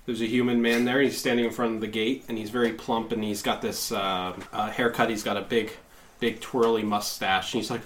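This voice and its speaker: A man narrating as game master of a tabletop game, casual and halting. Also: on the low side, flat delivery, fairly bright tone. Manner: casual, halting, laughing often.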